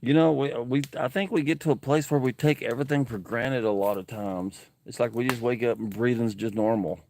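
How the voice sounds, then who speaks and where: Talking to his viewers from a campsite livestream, this man is earnest and emotional as he chats casually and reads out comments. His mid-range voice is steady, a bit fast and darkish, with vocal fry. A little hiss or hum sits in the audio.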